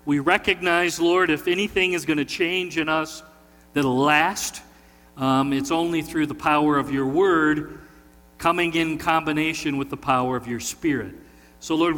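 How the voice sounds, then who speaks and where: Bright-voiced pastor in a reverberant church. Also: male voice, fairly high pitch. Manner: conversational, folksy, asks the congregation questions. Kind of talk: sermon with opening prayer. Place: church sanctuary.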